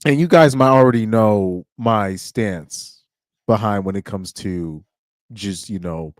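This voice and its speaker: A man with a fairly low voice chats loosely on his own livestream, stumbling over restarts and chuckling between thoughts. He is recorded close and dry, with no room sound around him. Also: slow pace, no room sound. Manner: rambling, with frequent restarts and chuckles. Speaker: livestream host. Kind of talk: casual livestream chat.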